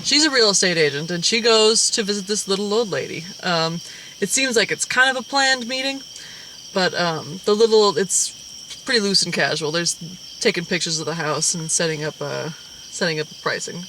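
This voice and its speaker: A woman's voice: fairly low pitch, normal speed, pushed and bright, a little hiss or hum. A woman co-hosting a casual movie review, talking in a blunt, profane, exasperated way. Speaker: co-host.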